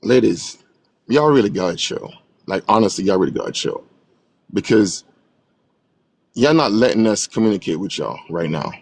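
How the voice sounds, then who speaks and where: A middle-aged man calling in for advice on an online call, halting and repeating himself as he tries to make his point. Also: fairly low pitch, expressive, gravelly, a little mellow, no echo. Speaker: caller seeking advice. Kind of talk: heated casual debate.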